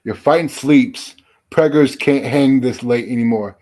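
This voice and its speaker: A man hosts a casual livestream chat in a mid-range, slightly mellow voice, speaking a little slowly. He greets viewers and talks bluntly, swearing heavily and restarting often.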